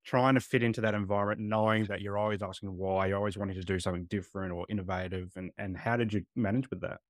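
A man hosts a podcast, asking earnest questions and sharing reflections in a relaxed way. His voice is on the low side. The sound is dry and close to the mic. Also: fast talker, no room sound. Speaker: podcast host. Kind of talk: casual podcast interview.

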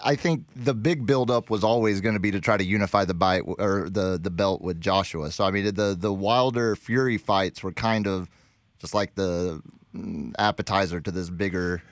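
Man, low-pitched, co-host, halting measured takes on sport, dry sound. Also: dry recording. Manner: hesitant, measured analysis with restarts. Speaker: podcast co-host. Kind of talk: casual sports chat.

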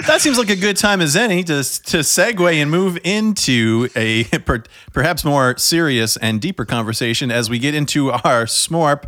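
A man co-hosting a podcast who leads a devotional scripture segment in a calm, steady, instructive way. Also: a little high, moderate pace, hardly any pauses, dry recording, studio quality. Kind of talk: guiding a devotional discussion.

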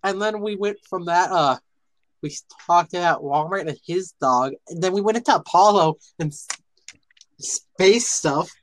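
A young man with a notably high voice chats casually on a podcast recorded over a voice call. He rambles and stumbles over his words, laughing often. The sound is dry and close. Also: normal speed, no room sound. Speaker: podcast co-host. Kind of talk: casual chat. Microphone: online voice call.

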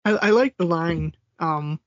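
A man's voice: fairly high pitch, unhurried, no echo. Guy on a podcast recapping a movie, laughing a lot, kinda lo-fi dry sound. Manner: retells scenes quoting lines, laughs often. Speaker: podcast co-host. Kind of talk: casual movie recap chat. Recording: dull lo-fi sound.

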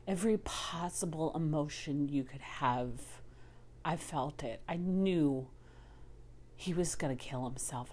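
A woman's voice: deep voice, darkish tone. A woman sharing a raw, emotional personal monologue about living with a partner's addiction. She talks intimately, sometimes whispering and sometimes rising in anguish, and swears freely. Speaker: partner of a recovering alcoholic.

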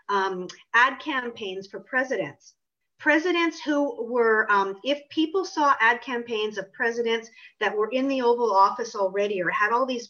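A woman's voice: a little high, fairly bright tone. A woman author answering interview questions in an emphatic, assertive way. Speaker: author and pricing consultant. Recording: dull lo-fi audio.

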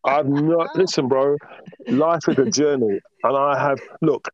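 A man as a podcast guest telling stories in a casual interview, animated and emphatic, often checking in with "right?". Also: medium pitch, a little slow, dull audio.

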